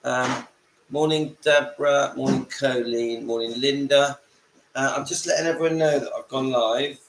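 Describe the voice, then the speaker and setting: A man with a croaky voice from a cold, hosting a casual livestream from home and greeting viewers by name. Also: mid-range voice, steady tone, moderate pace. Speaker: livestream host. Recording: echoey room with faint ambience.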